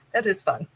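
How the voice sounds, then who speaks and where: A woman's voice: a bit bright, rough recording. A woman hosting a live jewelry sale, chatting casually, describing pieces in detail and running a trivia game with viewers.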